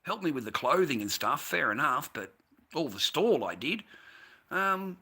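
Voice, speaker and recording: Aussie bloke ranting, very sharp bright voice, keeps saying mate and bro. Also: male voice, fairly high pitch, big pitch swings, unhurried, husky. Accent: Australian. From Australia. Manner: profane, repetitive, addresses the listener as mate and bro. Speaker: vlogger recounting a story. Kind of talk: casual rambling monologue.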